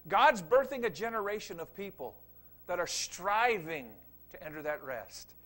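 A middle-aged man preaching a revival sermon, swinging from quiet asides to loud emphatic preaching. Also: high voice, lively intonation, moderate pace.

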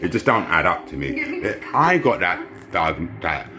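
Man, low voice, lively swings in pitch, agitated and rambling, phone mic, TV music playing. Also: normal speed. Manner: agitated, rambling, with sudden jumps up and down in loudness. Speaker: vlogger. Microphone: phone held in hand. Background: TV show playing with music.

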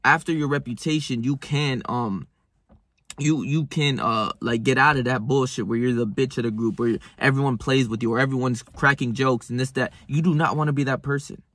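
A man's voice: medium pitch, normal speed, fairly bright tone. A young man giving a blunt, profane motivational talk, full of "right?" and restarts. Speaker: self-help vlogger. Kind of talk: casual motivational monologue to camera.

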